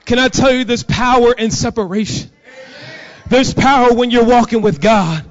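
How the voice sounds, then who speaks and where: A man from Jacksonville preaching a sermon as a pastor, fervent and at times shouting, then dropping low to tell a story. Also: normal speed, muffled recording. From Jacksonville, USA.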